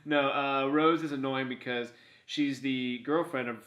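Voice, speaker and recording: A man's voice: mid-range voice, fairly even intonation, a little slow, fairly bright tone, highs cut off. A man co-hosting a video game countdown show, ranting casually and profanely and laughing a lot. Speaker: co-host of a gaming countdown show. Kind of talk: casual comedic game banter.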